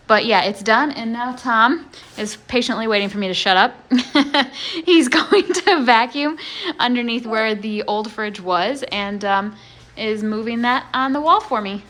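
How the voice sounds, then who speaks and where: A woman talking casually through her home renovation, chatty and quick to laugh, thinking aloud as she works indoors. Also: medium pitch, pushed and bright. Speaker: homestead vlogger. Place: inside a house being renovated.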